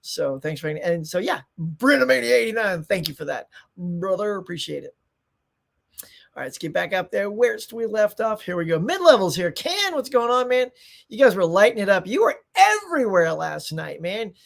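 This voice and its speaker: A man's voice: high voice, sing-song, normal speed, gravelly, a bit bright. A middle-aged man hosting a live stream in casual chat, rambling, reading viewer comments aloud and tossing in playful asides. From United States.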